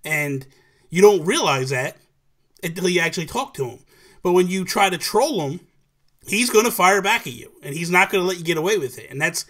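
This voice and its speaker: A man's voice: high-pitched, a little fast. A man hosting a live video chat, talking casually and energetically, rambling with restarts and greeting viewers by name. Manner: animated, rambling with many restarts, greets chatters. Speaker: livestream host.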